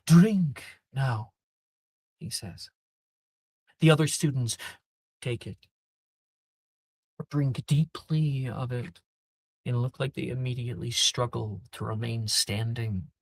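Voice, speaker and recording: A man narrating a tabletop game as game master, slow and hushed. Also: medium pitch, fairly even intonation, gravelly, husky, no room sound, studio quality.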